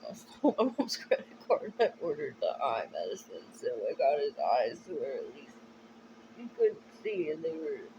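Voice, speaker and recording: A woman in a rambling personal monologue, talking in a halting, emotional way with many restarts. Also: low-pitched, highs cut off, background noise.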